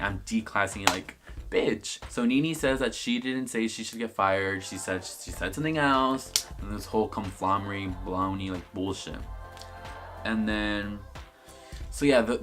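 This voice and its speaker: Young man, casual vlog commentary, sassy and profane, low voice. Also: normal speed, music in the background. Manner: sassy, swears a lot, acts out the cast in quotes. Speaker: reality TV reviewer.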